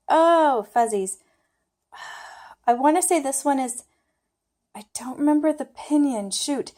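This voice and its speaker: A woman's voice: fairly high pitch, mellow. Chatty woman thinking aloud over flashcards. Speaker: language learner sharing study method. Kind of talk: casual talk-through of flashcards.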